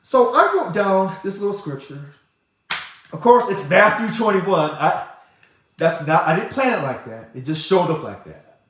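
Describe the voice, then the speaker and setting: An organization president gives an impassioned monologue, his fairly high voice growing fast and loud as he gets worked up. The very echoey room sends the sound bouncing around.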